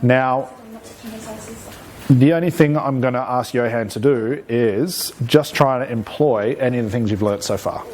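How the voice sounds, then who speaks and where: A man's voice: mid-range voice, a little slow. Man coaching a workshop. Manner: energetic, coaching, with frequent checks like "okay?". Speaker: hypnosis trainer. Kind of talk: live workshop teaching. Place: training room with an audience.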